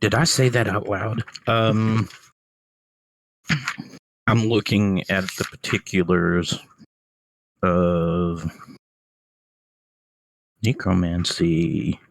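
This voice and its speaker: A man takes his turn in an online tabletop game, thinking aloud in an unhurried, low-pitched voice. The sound is dry and close. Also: little pitch movement, creaky, dry recording. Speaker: player. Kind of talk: casual tabletop play over a voice call.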